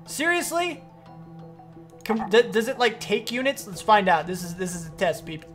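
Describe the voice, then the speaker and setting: A streamer gives let's-play commentary on a strategy game at a middling pitch. They get excitable, rattling off the same command again and again. Faint music plays underneath. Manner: excitable, repeats commands rapidly. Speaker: gaming streamer.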